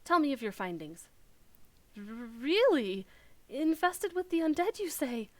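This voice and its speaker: A woman's voice: sits high, sing-song, measured pace, no room sound, voice pushed up. Woman doing an anxious stammering official. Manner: stammering, hesitant.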